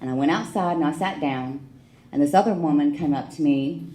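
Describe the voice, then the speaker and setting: Low-voiced middle-aged woman telling her story. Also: fairly quick, mellow. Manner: frank, wry storytelling with emotional emphasis. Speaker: AA speaker. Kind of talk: personal recovery story told to a meeting. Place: meeting hall. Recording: echoey meeting room.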